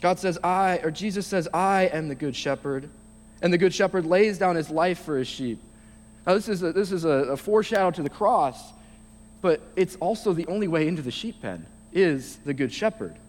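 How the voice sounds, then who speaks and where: A young man giving a short sermon, reading scripture slowly and then explaining it in a halting, casual way. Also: sits high, expressive. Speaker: youth speaker. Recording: long reverb of a large hall.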